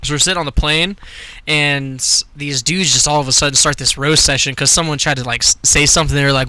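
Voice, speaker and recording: A young man with a bright, forceful voice, chatting on a podcast. He jokes and swears freely and laughs a lot as he talks. His voice sits a little high for a man. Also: fairly even intonation, quick pace, few pauses, no room sound. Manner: profane, laughing banter. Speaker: podcast co-host. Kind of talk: casual chat.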